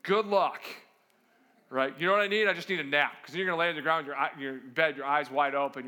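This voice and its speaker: A man's voice: a little high, brisk, pushed and bright. A man preaching as a pastor in a conversational sermon, often asking the listeners rhetorical questions and acting out the voices he quotes. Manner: acts out quoted voices dramatically.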